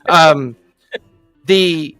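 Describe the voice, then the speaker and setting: Dude riffing and joking, pretty high voice, dry close sound. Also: male voice, drawn-out words, fairly bright tone, clean tone, no room sound, faint music behind. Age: adult parent. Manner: joking and opinionated, acts out little scenes. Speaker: podcast co-host. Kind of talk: casual opinionated chat.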